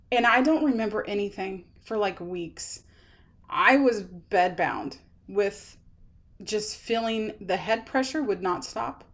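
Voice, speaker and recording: A woman in her thirties telling her own illness story to camera, rambling and halting with many fillers and restarts. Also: medium pitch. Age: 30s.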